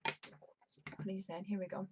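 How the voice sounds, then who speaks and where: A woman in her thirties from Northern Ireland, with a softened Northern Irish accent, hosting a crafting live stream in a casual, upbeat way, reading out viewer comments and thinking aloud while she works. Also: mid-range voice, level tone, takes it slowly, slight background noise. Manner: chatty and upbeat, laughs often, thinks aloud while measuring.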